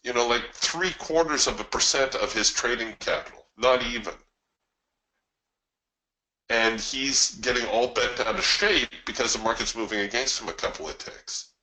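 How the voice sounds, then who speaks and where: A man's voice: mid-range voice, moderate pace, pushed and bright, low-quality recording. A man hosting a live trading webinar, explaining his approach in a conversational way and telling stories to his listeners. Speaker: trading coach and webinar host.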